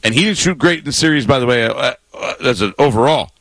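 A man's voice: mid-range voice, expressive, fast, fairly bright tone, dry recording, rough recording. A man with a mid-range voice co-hosts a sports radio show, conversational and storytelling, weighing his opinions as he goes. He sounds close and dry on a studio mic.

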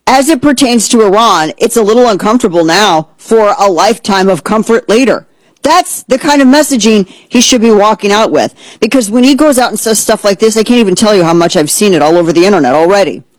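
A woman hosting political talk radio, heated and blunt, with a sarcastic edge. Her pitch sits in the middle range. The sound is dry and close to the mic. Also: expressive, fairly quick, no echo, rough recording. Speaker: radio host.

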